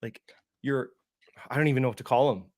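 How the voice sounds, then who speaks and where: A man's voice: medium pitch, a little fast, no room sound, studio quality. A man co-hosting an investing livestream, ranting with sarcasm, swearing and mocking impressions. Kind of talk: heated casual chat.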